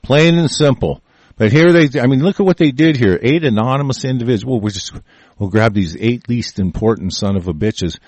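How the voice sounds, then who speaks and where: A man's voice: medium pitch, moderate pace, a little mellow. A man hosting a show, ranting angrily about the news, with constant swearing and many restarts. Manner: angry, crude, swearing constantly, repeats and restarts. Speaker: show host. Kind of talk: profane political rant.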